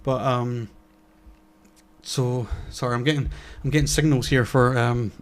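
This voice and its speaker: A man talks his way through a casual podcast conversation at a middling pitch. He rambles and circles back, with plenty of ums, restarts and half-finished phrases. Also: steady tone, a little slow. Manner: rambling, many fillers and restarts. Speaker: podcast co-host. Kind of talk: casual chat.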